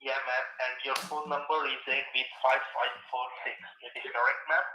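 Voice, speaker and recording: A man's voice: medium pitch, flat delivery, moderate pace, sharp tone, reverberant, slight background noise. Scripted man on a phone line. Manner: scripted, customer-service phrasing. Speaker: call center agent.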